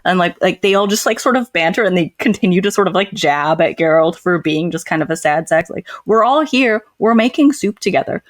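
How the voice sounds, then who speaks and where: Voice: mid-range voice, steady tone, brisk, hardly any pauses, no echo. A book podcast co-host reading a long passage aloud and chatting casually about it.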